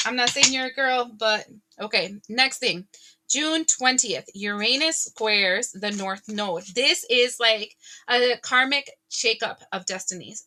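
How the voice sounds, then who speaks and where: Woman tarot reader, fairly high voice, bright and lively, casual chat with viewers. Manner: chatty, animated, laughs often, exclaims.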